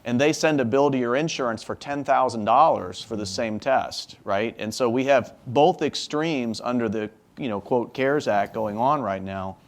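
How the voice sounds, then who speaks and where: A man's voice: mid-range voice, moderate pace, few pauses. A man on a policy panel who files legislation, talking earnestly with many fillers and restarts. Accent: Texan. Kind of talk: panel discussion.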